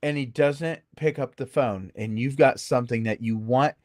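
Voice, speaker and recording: A man talking as a guest about working haunted attractions, telling stories with playful swings between high and low voices. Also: normal speed, darkish tone, no room sound, clean studio sound. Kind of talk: animated storytelling chat.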